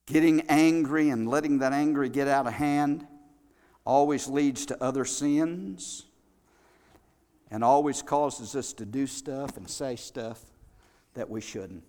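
A man preaching a sermon as pastor, swinging between loud bursts and quiet asides. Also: medium pitch, slow. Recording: long reverb of a large hall.

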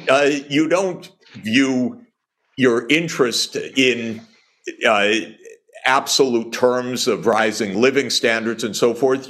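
An older man talks through an argument as an economist on a discussion panel. He starts haltingly, with frequent filler sounds, then presses his points with emphasis. His voice sits at an average pitch. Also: a bit bright. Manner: grows emphatic and exasperated when arguing. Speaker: economist guest.

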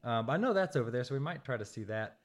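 A jet-lagged man talking in a loose, rambling chat. His voice jumps up into loud, animated bursts, then sinks into low, tired murmurs. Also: rapid-fire. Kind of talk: casual chat.

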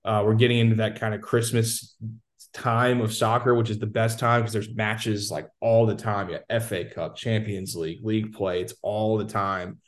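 A man's voice: lowish voice, flat delivery, normal speed. A man on a casual sports chat, confidently breaking down how the league is going. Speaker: soccer analyst guest.

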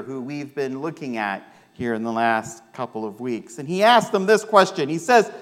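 A male pastor with a Midwestern American accent delivers a sermon, slipping into a personal story. His voice sits a little high and swings widely as he acts out what people said. The delivery is lively and conversational.

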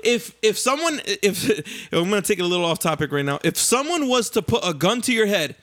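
A man's voice: sits high, very animated, a little fast, fairly bright tone. A young man hosting a casual chat among friends, loose and laughing, swearing often.

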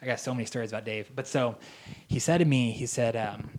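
A man telling a long story in casual chat, rambling and animated, with many fillers. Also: medium pitch, fast talker. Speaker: guest, film associate producer.

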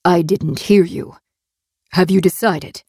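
A calm male captor read by a woman narrator speaks slowly and quietly, each word measured. The voice sits low and level, close and dry, with no warmth in it. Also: husky, no room sound. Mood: cold. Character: calm, cold male captor, middle-aged.

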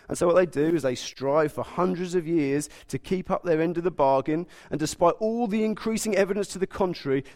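A man in his thirties preaching a sermon, telling stories with animated, humorous asides. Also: on the high side.

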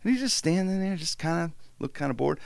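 A man's voice: a little high, brisk, gravelly, no echo. Guy from pittsburgh telling a story, voice jumps all over, dry close sound. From Pittsburgh, USA. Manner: animated, swears freely. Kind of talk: casual chat, storytelling.

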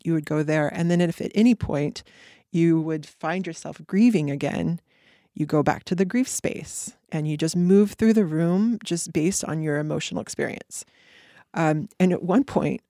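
A woman guest on a podcast, talking earnestly in a reflective conversation with halting restarts. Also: deep voice, dark tone, dry recording, clean studio sound. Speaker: podcast guest, eating disorder clinic co-founder.

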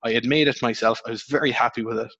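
Young irish guy rambling fast on a podcast, swears a lot, dry dull mic. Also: no room sound. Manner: rambling, swears, animated storytelling with pitch jumps. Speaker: podcast host. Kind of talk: casual podcast chat.

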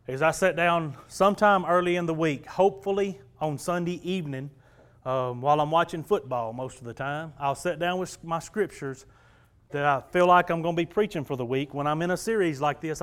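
High, bright-voiced preacher man. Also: moderate pace, clear, resonant tone. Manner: animated, folksy storyteller who gets loud and laughs at himself. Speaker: pastor. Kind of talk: sermon with personal storytelling.

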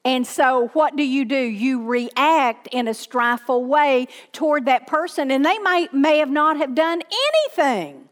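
A woman's voice: high-pitched, lively intonation, unhurried, hardly any pauses, long reverb tail. A woman pastor with a Southern accent, preaching a sermon with emphatic repetition and questions to the congregation.

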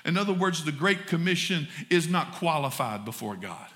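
A man's voice: on the high side, big pitch swings, normal speed, few pauses, sharp tone. A man with a Southern US accent preaching a sermon from the pulpit, folksy and talking straight to the congregation. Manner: folksy, addresses congregation as y'all. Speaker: pastor. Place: church sanctuary.

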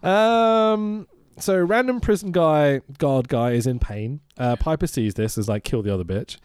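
A man's voice: fairly high pitch, a little slow, darkish tone, smooth, no echo. A man casually recapping a film with a friend, laughing often and swearing as he goes. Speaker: podcast co-host. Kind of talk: casual movie review chat.

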